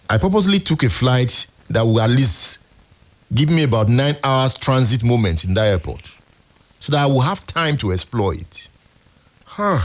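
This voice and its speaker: A Nigerian man hosting a radio show, giving emphatic, exasperated commentary in a husky voice. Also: mid-range voice. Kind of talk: impassioned on-air commentary. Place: radio studio.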